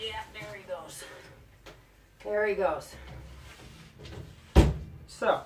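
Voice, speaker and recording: A woman's voice: medium pitch, drawn-out words, long pauses, over music. A young woman vlogging casually at home, chatty and a bit out of breath while handling a heavy snake, laughing often between fillers. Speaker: reptile keeper vlogger. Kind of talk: casual show-and-tell vlog. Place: indoors at home. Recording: echoey home room.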